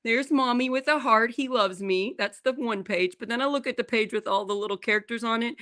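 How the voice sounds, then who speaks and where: A woman in her forties, co-hosting a casual morning show and telling a story in an animated way, often laughing. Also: on the high side, fairly quick. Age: 40s. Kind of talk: casual chat.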